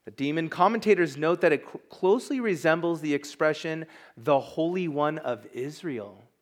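A man's voice: a little high, moderate pace. A man preaching a sermon as pastor, emphatic and conversational, with asides to the congregation.

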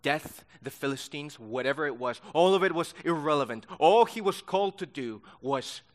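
A man leads a sermon-style Bible lesson for young listeners. His voice sits a little high, and his delivery is emphatic and insistent. He repeats key words to drive each point home. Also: expressive, normal speed. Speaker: youth Bible teacher.

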